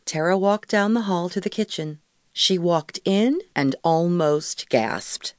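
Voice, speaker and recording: A woman narrating a romance audiobook in an expressive storytelling voice, close to the mic. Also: lowish voice, slow, no room sound. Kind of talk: scripted narration.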